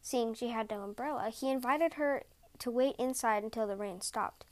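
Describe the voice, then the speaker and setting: A woman podcast host reading folk tales aloud in a gentle, measured way. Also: on the high side. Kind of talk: storybook reading.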